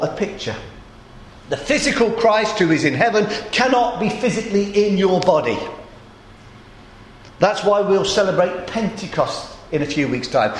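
A man preaching a sermon in a conversational storytelling way, his voice a little groggy and hoarse. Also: high voice, echoey room, slight background noise.

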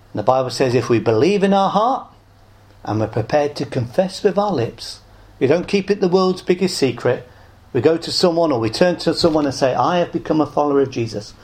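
A man preaches an earnest evangelistic message, pleading with listeners; he emphasizes key words by lifting his voice, then drops soft and low as his phrases wind down.

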